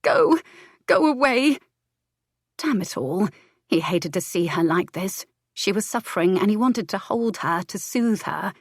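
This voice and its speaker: A woman narrating a historical romance audiobook in a measured, expressive reading. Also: fairly low pitch, breathy edge, no echo, clean studio sound.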